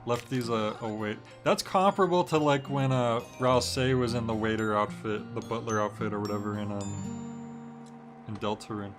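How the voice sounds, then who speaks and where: In a voice on the low side at a moderate pace, a young man streams himself playing a game. His commentary is casual and chatty, with game dialogue read aloud and frequent restarted sentences, while game music runs underneath.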